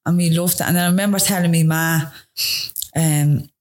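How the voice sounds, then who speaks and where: A young woman with a Dublin accent recounts her story in a loose, talkative way. Her voice sits a little low, and she rattles along quickly with laughing asides. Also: fairly even intonation, darkish tone. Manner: chatty, fast, laughing asides. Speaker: interview guest. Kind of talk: casual storytelling.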